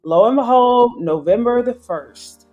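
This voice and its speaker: Lively woman telling a story. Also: a little high, a little slow, soft background music. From South Carolina, US. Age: 30s. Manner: acts out quoted voices, slangy and emphatic. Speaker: guest filmmaker. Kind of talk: animated storytelling in casual chat.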